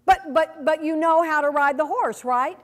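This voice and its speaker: High-voiced woman leading a workshop. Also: normal speed. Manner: lively, asks the audience questions. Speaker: seminar presenter. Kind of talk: teaching a workshop. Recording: long hall reverb.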